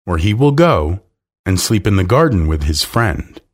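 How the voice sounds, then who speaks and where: A man's voice: low voice, sing-song, unhurried, full character voice. A man doing a prim haughty nanny. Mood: curt. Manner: curt, haughty. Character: prim, stern, aloof woman nanny.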